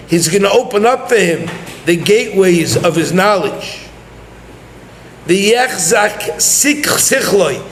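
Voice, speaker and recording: Rabbi, high voice, lecturing and quizzing students in a reverberant hall. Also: male voice, fairly bright tone, slight background noise. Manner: mixes Hebrew and Yiddish terms into English, addresses listeners directly. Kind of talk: Torah lecture.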